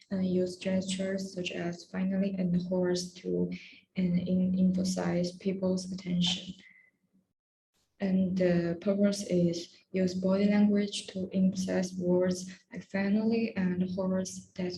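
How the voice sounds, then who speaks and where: A woman's voice: lowish voice, little pitch movement, slow, vocal fry, mellow, reverberant, low-quality recording. A young woman, a student, giving a class presentation hesitantly, with restarts.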